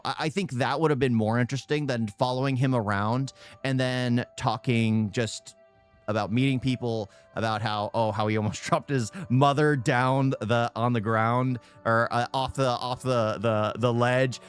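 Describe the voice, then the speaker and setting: A man's voice: mid-range voice, normal speed, clean tone, faint music behind. Man rambling through a reaction video. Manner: repeats his own phrases, frequent restarts; rambling, opinionated. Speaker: YouTube reactor. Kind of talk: casual reaction commentary.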